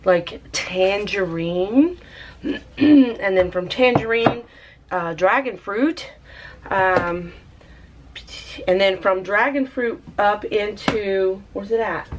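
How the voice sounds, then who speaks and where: A woman talks through her tie dye work at an unhurried pace, wandering with ums and asides. Her voice sits at a middling pitch over a faint hiss of background noise. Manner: chatty, rambling, many fillers. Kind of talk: casual craft demo.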